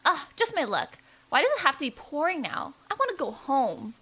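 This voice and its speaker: A woman's voice: high-pitched, huge pitch swings, moderate pace, sharp tone, pitched above the performer's own voice, exaggerated voice. A young woman voicing a weary, self-pitying young woman office worker, reading the game's lines aloud in her own voice. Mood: glum. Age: young adult. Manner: reads lines in her own voice, dramatic on pain. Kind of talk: voicing a game character aloud.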